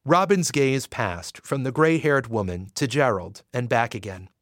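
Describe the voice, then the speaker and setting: A man narrating a romance audiobook in an expressive, measured way. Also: medium pitch, no room sound, clean studio sound.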